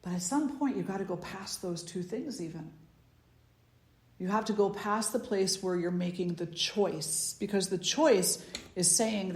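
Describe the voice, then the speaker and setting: A woman spiritual teacher giving a slow, meditative talk, repeating phrases for emphasis. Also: medium pitch, reverberant.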